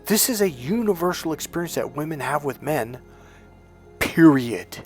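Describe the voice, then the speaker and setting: A man's voice: on the high side, animated, moderate pace, soft background music. A middle-aged man teaching as a dating coach, blunt and profane, acting out stories as he talks. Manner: blunt, profane, storytelling with acted-out voices. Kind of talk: instructional monologue.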